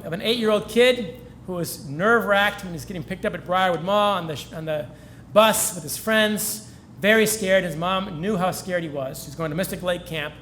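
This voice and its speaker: A man with a high, slightly bright voice is the featured speaker at a celebration in an event hall, telling heartfelt stories earnestly to the crowd. He sounds moved and chokes up now and then, with a faint room hum beneath his words.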